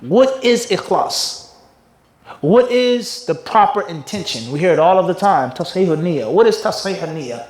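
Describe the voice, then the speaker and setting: A man teaching a religious hadith class as a mufti, his voice pitched notably high. He keeps the room involved with call-and-response questions and moves through Arabic passages at a brisk clip. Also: animated, a little mellow. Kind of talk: religious lecture.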